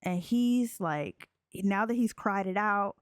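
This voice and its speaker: Slow, giggly woman narrating a sim game. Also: mid-range voice, clean tone, no echo, studio quality. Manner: chatty, giggly, slow drawl. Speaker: let's play creator. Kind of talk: casual game commentary.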